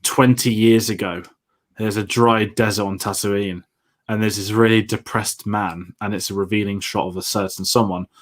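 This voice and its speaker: Low-voiced man chatting casually. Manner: chatty, rambling, many fillers. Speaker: podcast co-host. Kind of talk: casual film discussion.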